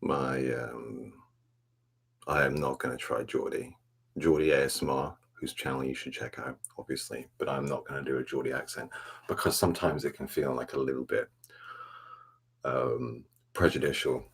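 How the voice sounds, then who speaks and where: Gravelly, very deep man. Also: level tone, moderate pace. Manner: rambling, reading and answering live chat; laid-back, self-mocking. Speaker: ASMR livestream host. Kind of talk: soft-spoken ASMR live chat.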